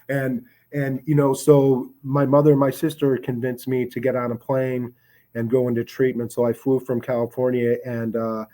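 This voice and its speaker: A man's voice: medium pitch, mellow. Earnest man telling his own story. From Chicago area, USA. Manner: earnest and reflective, frequent fillers and restarts. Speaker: guest sharing his recovery story. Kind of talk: personal storytelling in a podcast interview.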